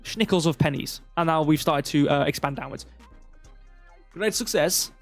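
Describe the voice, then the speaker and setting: Male stream host, a bit high-pitched, loose and chatty, thinks aloud over charts. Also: fairly even intonation, fairly quick, soft background music. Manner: rambling, filler-heavy, thinking aloud. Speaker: crypto livestream host. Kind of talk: casual live chart commentary.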